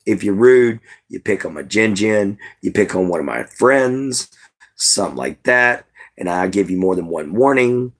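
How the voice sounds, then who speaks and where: A man's voice: on the low side, animated, moderate pace. A man hosting a casual livestream, chatting straight to his viewers in a laid-back way with plenty of "you know"s. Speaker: livestream host.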